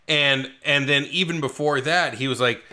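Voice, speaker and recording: Bright-voiced man retelling movie scenes. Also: normal speed. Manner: animated retelling of scenes, acting out characters with big pitch jumps. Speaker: podcast co-host. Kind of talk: casual movie review chat.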